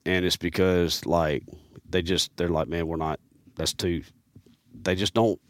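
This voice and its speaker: A man with a deep, low-pitched voice spins a long, meandering yarn as a podcast guest. He keeps circling back with "man" and "you know." The studio sound is dry and close. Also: measured pace, dry recording. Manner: rambling, animated, peppers speech with "man". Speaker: podcast guest, turkey hunter. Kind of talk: casual storytelling.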